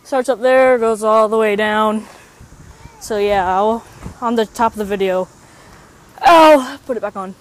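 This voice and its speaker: A woman chatting casually in an outdoor vlog, rambling and excitable, recorded on a handheld phone. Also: mid-range voice, unhurried, pauses often. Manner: excitable, rambling, bursts into yells. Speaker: vlogger. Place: outdoors on a hill.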